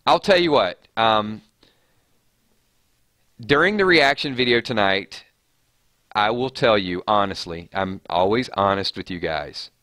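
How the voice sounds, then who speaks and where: A man's voice: lowish voice, animated, a little slow, long pauses, pushed and bright, no echo, studio quality. A man hosting a live stream, chatting casually and reading viewer comments aloud with frequent restarts.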